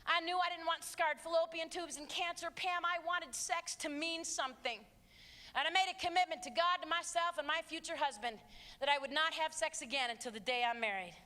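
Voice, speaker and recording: A woman's voice: very high-pitched, fairly quick, bright, forceful tone. A woman speaker voicing an earnest teenage girl who talks in a heartfelt way. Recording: reverberant live hall with audience.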